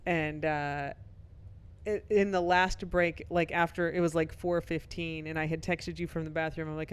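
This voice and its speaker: A middle-aged woman co-hosting a podcast, telling a long story briskly and laughing now and then. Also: sits low, fairly even intonation, clear, resonant tone. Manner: brisk anecdotal telling, laughs while talking. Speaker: podcast co-host; professor and author. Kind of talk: casual chat, storytelling.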